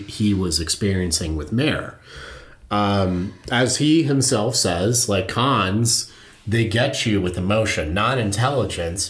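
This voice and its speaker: A man's voice: on the low side, roomy sound. A man hosting a podcast, retelling a true-crime story in a loose, conversational way with fillers and easy laughs. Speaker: podcast host.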